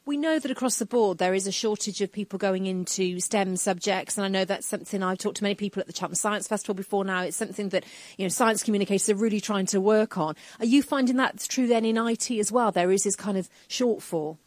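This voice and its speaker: A woman's voice: mid-range voice, quick pace, darkish tone, no room sound. A woman radio reporter interviewing on a university campus, chatty and full of "kind of" and "you know".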